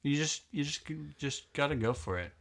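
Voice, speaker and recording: A young man hosting a casual podcast, encouraging and quick to laugh. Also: on the high side, expressive. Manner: encouraging, giggly. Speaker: podcast host. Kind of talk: casual chat.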